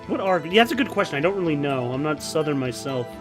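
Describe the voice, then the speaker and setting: A man's voice: on the high side, sing-song, quick pace, music in the background. A man from New York giving goofy, joking commentary over a game and laughing often. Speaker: let's play streamer. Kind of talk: casual gameplay commentary.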